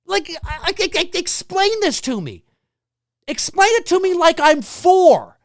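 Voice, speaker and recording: Exasperated ranting man, swinging wildly in pitch. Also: big pitch swings, a little slow, no room sound, studio quality. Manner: exasperated, keeps repeating rhetorical questions, swears, bursts into shouting. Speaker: host of a live movie talk show. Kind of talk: ranting solo commentary.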